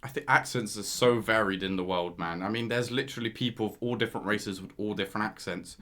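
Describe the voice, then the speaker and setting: A young man co-hosting a podcast, arguing his point eagerly with quick restarts and stumbles. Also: lowish voice. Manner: animated, argumentative, stumbling restarts. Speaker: podcast co-host. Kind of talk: casual chat.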